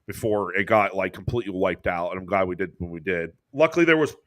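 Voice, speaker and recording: Brief: American podcast co-host, mid pitch, casual and animated, curses freely, goes high when quoting people. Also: male voice, fast. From United States. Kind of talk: casual storytelling chat.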